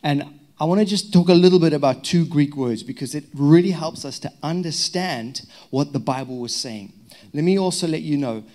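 Zimbabwean pastor preaching with humor. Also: male voice, fairly high pitch, normal speed. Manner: lively, humorous storytelling with prayer. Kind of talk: sermon. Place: church hall.

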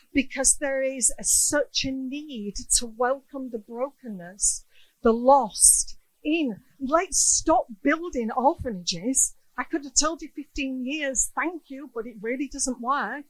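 A middle-aged woman, a guest speaker, preaches a sermon in a high voice, taking her time. She is earnest and emotional, acting out the people she quotes in lively voices; the recording is rough, with no room sound.

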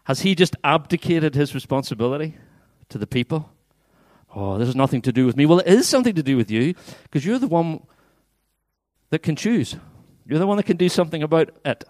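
A man's voice: fairly high pitch, lively intonation, fairly quick, a little mellow, dry recording, clean studio sound. A man preaching as a pastor, playful and coaxing, getting the congregation to act out a Bible story. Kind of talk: interactive sermon with acted-out scripture. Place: church hall.

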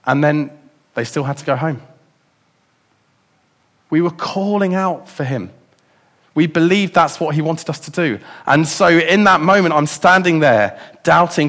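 A man preaching a sermon in a reflective way, asking his congregation many rhetorical questions and dropping softer for emphasis. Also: on the high side, measured pace, pauses often.

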